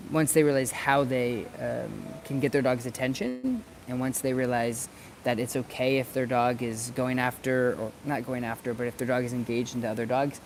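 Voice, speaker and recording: A mid-range male voice is accompanied by a little hiss or hum. The dog trainer talks to camera outdoors next to planters, conversational and instructional, with repeated words as he works through his thoughts.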